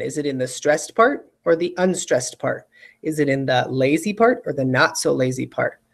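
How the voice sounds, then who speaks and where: In a recorded spelling lesson for children, a teacher with a mid-range voice patiently repeats each example word, enunciating slowly and with exaggeration. She checks in with the learners often.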